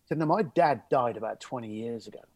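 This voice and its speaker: A man as an interview guest, telling an anecdote in a lively conversational way and acting out the voices of the people in it. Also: mid-range voice, a little fast, no room sound. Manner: animated, acts out the voices in his anecdotes. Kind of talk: conversational storytelling.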